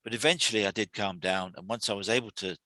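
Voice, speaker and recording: A man hosting a weekly talk series, explaining calmly in a halting way, often repeating words and restarting. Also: fairly low pitch, no echo. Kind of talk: solo talk to camera.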